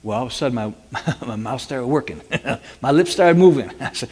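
In a personal testimony, a man recounts a dramatic story fast, with a breathy edge to his middling-pitched voice. He's animated, slipping into voices for the people involved, while a large hall's long reverb trails after each phrase.

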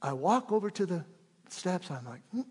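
High-voiced preacher in a big hall. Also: male voice, expressive, moderate pace, slightly rough. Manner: impassioned preacher, swinging from loud peaks to hushed prayer. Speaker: pastor. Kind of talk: sermon. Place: church sanctuary. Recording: long reverb of a large hall.

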